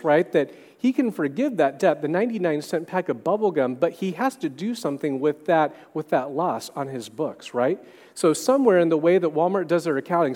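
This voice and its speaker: A man in his thirties preaching a sermon as pastor, talking in a conversational way with quick asides. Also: a little high, darkish tone, in a large hall.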